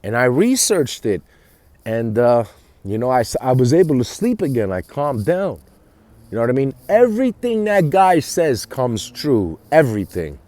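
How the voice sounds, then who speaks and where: A man rambling straight to camera, cursing often and breaking off mid-sentence to start again. His pitch rises and falls a lot, his tone is dark and mellow, and the sound is dry and close. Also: sing-song, moderate pace, no room sound. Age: adult with children. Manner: rambling, heavy swearing, frequent restarts. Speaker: vlogger. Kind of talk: casual monologue.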